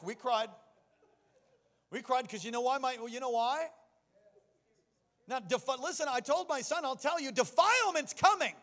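A middle-aged man preaching a sermon, telling personal stories and moving from hushed confession to stirring exhortation. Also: extremely high pitch. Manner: personal storytelling that swings from quiet to exhorting. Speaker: pastor. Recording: long reverb of a large hall.

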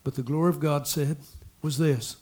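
A man preaching a sermon, talking to the congregation in asides and repeating lines as he builds to loud exhortation. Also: fairly high pitch, fairly even intonation, normal speed. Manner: impassioned, repetitive preaching that swells to loud exhortation. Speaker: pastor.

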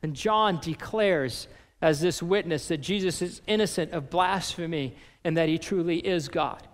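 A man preaching a sermon as a pastor, reading and paraphrasing scripture with animated emphasis. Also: on the high side, moderate pace, long reverb tail.

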